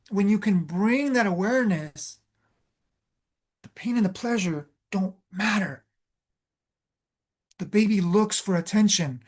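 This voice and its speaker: A spiritual coach with a mid-pitched voice delivers a motivational talk. The speech is emphatic and loose, hammering points home through repetition and often pausing on fillers and restarts. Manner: emphatic, repeats phrases for stress.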